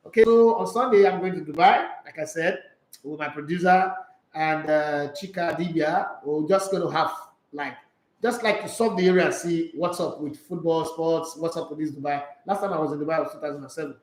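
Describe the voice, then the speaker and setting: A sports show host with a Nigerian accent runs a casual live-stream chat, slipping into Pidgin as he reads viewer comments aloud. His voice is on the high side and fairly quick, with a roomy sound and poor audio quality.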